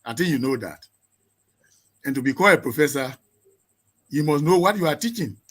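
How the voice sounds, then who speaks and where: A man from Liberia, an education professor, answering interview questions in an emphatic, lecturing way, firing off strings of rhetorical questions and swinging sharply between loud and soft, quick and slow. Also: on the high side, animated, breathy edge. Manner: sweeping shifts in loudness and pace.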